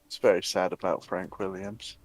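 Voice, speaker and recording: A man's voice: low-pitched, flat delivery, normal speed, no echo. A man chatting casually with a teammate while driving in a racing game. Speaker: sim racing driver. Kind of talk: casual chat while gaming.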